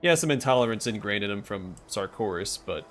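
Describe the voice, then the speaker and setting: A man with a low voice talks through a role-playing game on stream, musing aloud and pausing with fillers as he decides. His pitch swings widely, lively rather than flat, with soft music underneath. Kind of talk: casual gameplay commentary.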